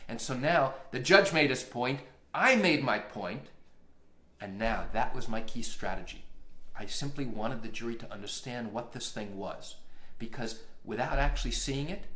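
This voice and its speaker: A man, a lawyer hosting a live stream, telling a courtroom story in a lively way and acting out the quotes. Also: medium pitch, roomy sound.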